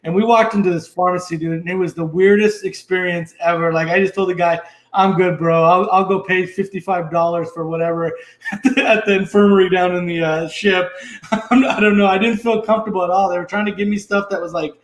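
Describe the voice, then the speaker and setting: A man joins a livestream as a guest, laid-back and slangy, often chuckling through his sentences. His voice sits fairly high. An echoey room rings around him on a video call. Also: steady tone, brisk. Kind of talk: casual chat.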